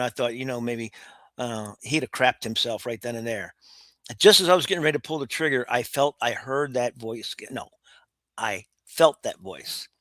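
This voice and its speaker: A man's voice: mid-range voice, pushed and bright, no echo. Older american guy telling war stories, blunt and rambling, dry close sound. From United States. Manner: vivid, blunt war storytelling with frequent restarts. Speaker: guest. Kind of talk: storytelling interview.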